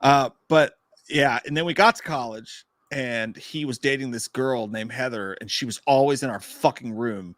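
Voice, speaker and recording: A man's voice: mid-range voice, normal speed, dry recording, studio quality. A man from Kentucky co-hosting a casual movie podcast, telling rambling, crude stories. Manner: rambling, crude, animated storytelling. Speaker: podcast co-host. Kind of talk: casual chat.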